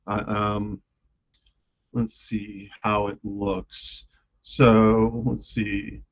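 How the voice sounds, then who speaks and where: A man's voice: fairly low pitch, little pitch movement, very slow, highs cut off. A man chatting casually on a live stream about his own poems, hesitant and self-deprecating, with lots of fillers.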